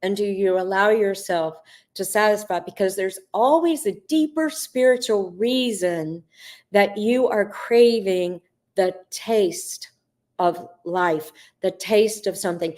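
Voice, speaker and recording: A middle-aged woman hosting a live Q&A on spiritual coaching, speaking earnestly and addressing viewers by name, with drawn-out, emphatic phrasing. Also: mid-range voice, darkish tone. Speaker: host answering viewer questions.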